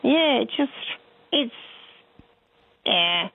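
A woman's voice: on the high side, expressive, very slow, dry recording. Older woman on a phone line. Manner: chatty, rambling storyteller. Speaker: caller. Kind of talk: phone-in chat.

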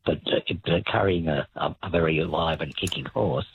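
A man rings in to a radio show over a tinny phone line. His voice is very low and deeply raspy, and he rambles slowly through his explanations with many "uh"s. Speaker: caller.

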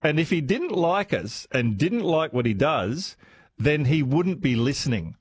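A man's voice: medium pitch, dry recording, clean studio sound. A man hosting talkback radio, chatting with callers in a laughing, friendly way. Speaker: radio host.

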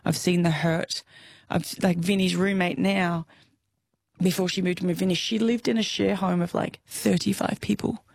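A woman's voice: fairly low pitch, fairly even intonation, normal speed, creaky, darkish tone, dry recording, clean studio sound. A woman in her thirties with an Australian accent, an interview guest talking frankly and emotionally, laughing often and swearing casually. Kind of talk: candid conversational interview.

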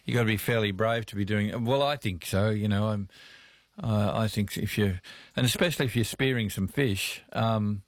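A man's voice: on the low side, normal speed, no echo, studio quality. A man with an Australian accent hosting talkback radio and chatting with callers in a friendly, easygoing way. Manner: friendly, chatty, says mate and reckon. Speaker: radio host. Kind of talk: casual talkback radio chat.

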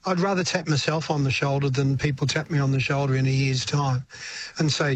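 A man's voice: fairly high pitch, brisk, a little hiss or hum. An older Australian man, a retired singer-songwriter, talking reflectively in a radio interview and often stumbling over his words.

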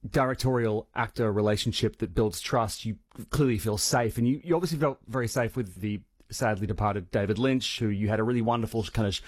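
A man's voice: lowish voice, brisk, few pauses. A man hosting an interview, posing long, fluent framing questions to his guest. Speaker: interviewer, host.

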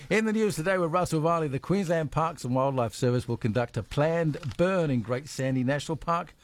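A man's voice: on the high side, a little fast. A man with an Australian accent hosting casual breakfast radio, teasing his co-host and laughing often.

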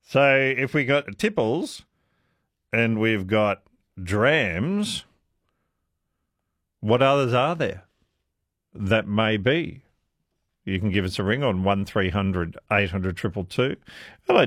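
Lively radio host man. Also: lowish voice, slow, long pauses, no room sound, clean studio sound. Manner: chatty, musing aloud with strings of questions. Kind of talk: talkback radio chat. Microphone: studio microphone.

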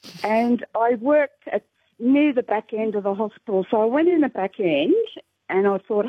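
An older woman, calling in to tell a lively story on a radio show, laughing often. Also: a little high, moderate pace, husky, no echo. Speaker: caller. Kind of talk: telling an anecdote on radio call-in. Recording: tinny phone line.

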